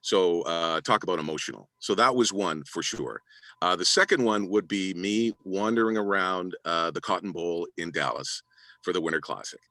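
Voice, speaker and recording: A middle-aged man with a very deep, forceful announcer's voice talks through his career as an interview guest. He sounds humble and thankful, often restarting his sentences. The recording is dry and close, with no room sound. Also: moderate pace, no room sound. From Canada. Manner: humble, grateful, hesitant restarts. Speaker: arena announcer and voice-over actor. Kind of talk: interview guest, reflective storytelling.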